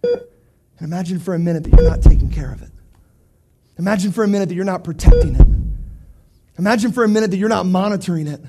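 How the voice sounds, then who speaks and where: High-voiced guy preaching to teens, goes quiet then loud, really animated. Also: fast talker, pauses often, heavy background noise. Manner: animated, swings between hushed and loud; addresses teens directly. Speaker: youth pastor. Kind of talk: youth sermon.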